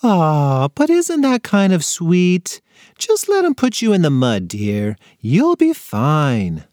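A man's voice: fairly high pitch, wildly swooping pitch, slow pace, darkish tone, dry recording, clean studio sound, voice pushed up, heavily acted. A man voicing a doting, easygoing mother who coos indulgently in a kids' storybook. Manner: sweet, indulgent cooing.

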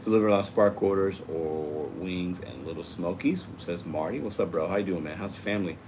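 A man's voice: sits low, a little fast, background noise. A man hosting a casual livestream, reading out and answering viewer comments in an upbeat, chatty way. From Puerto Rico. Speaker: livestream host reading chat.

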